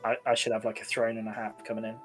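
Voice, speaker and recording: A man's voice: fairly low pitch, monotone, rapid-fire, soft background music. A man, co-hosting a podcast and telling a rambling story full of fillers. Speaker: podcast co-host. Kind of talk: casual chat.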